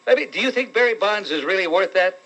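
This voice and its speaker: A man's voice: sits high, expressive, fast, pushed and bright. A man with a New York accent hosting a call-in talk radio show, blunt and sarcastic with callers. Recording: dull lo-fi radio broadcast.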